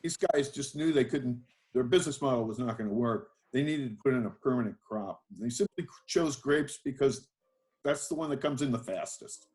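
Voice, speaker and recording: An older man sits for an interview and tells his life story, wandering from one memory to the next. He talks in a loose, self-deprecating way, with many fillers and false starts. His voice sits at an ordinary middle pitch. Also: normal speed, darkish tone. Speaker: guest, winemaker.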